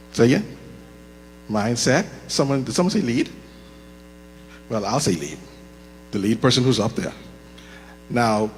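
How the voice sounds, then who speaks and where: Male workshop leader, casual and humorous, reverberant church room, faint hum under it. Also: mid-range voice. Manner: conversational and joking, slows down deliberately. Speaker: leadership course instructor. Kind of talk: live workshop talk. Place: church room with audible echo. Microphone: handheld microphone. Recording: reverberant hall with mains hum.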